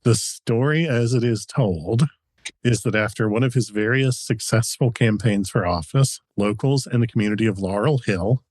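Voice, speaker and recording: A man's voice: on the low side, a little mellow, no room sound. A man co-hosting a podcast, telling a history story in a chatty, researched way with frequent chuckles. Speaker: podcast co-host.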